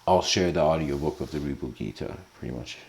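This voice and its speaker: A man's voice: a bass voice, fairly quick, vocal fry, darkish tone. A man giving a casual lecture, rambling and informal with lots of filler words.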